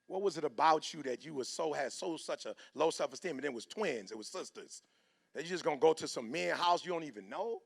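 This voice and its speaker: Animated, gravelly-voiced male motivational preacher. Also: fairly high pitch, quick pace. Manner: animated, acts out both sides of stories in quoted voices. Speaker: motivational speaker. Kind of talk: preacher-style motivational speech.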